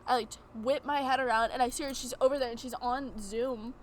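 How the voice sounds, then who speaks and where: A woman in her late teens, a podcast guest chatting casually and telling a story with lively acted-out quotes. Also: a little high, a little fast, over a noisy crowd. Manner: animated storyteller, acts out quoted lines. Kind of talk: casual chat.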